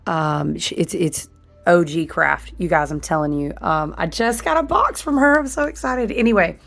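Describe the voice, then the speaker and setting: A chatty woman talking straight to her viewers in a low, gravelly voice. She is hoarse, her voice still on the mend, with a husky, smoky edge. Her delivery is animated and informal, full of asides to her audience. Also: moderate pace, soft background music. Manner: chatty, animated, says "y'all" and "listen" often. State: hoarse, voice recovering. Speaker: candle and ritual tool maker. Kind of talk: casual chat to camera.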